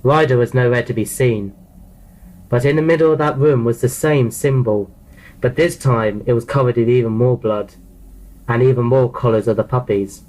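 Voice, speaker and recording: A man of ordinary pitch narrates a horror story in the first person. He reads plainly, tripping over words and repeating phrases as he goes. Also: a little mellow, rough recording. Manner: plain reading with frequent restarts.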